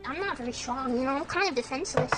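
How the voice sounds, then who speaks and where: A woman voicing a timid, defenseless anime-girl VTuber in a squeaky falsetto, over loud music. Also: lively intonation, fast. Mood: meek.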